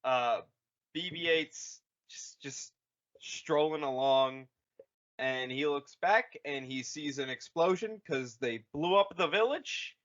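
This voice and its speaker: A man on a podcast casually retelling a movie plot, rambling with lots of fillers and quick mock voices for the characters. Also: fairly high pitch, fairly bright tone, dull audio. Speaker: podcast co-host retelling a film. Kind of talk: casual comedic recap.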